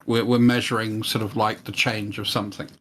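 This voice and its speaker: A Scottish man chatting in a casual online debate, hesitant with many restarts and a dry, dark humor. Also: fairly low pitch, little pitch movement, fairly quick. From Scotland. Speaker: discussion participant.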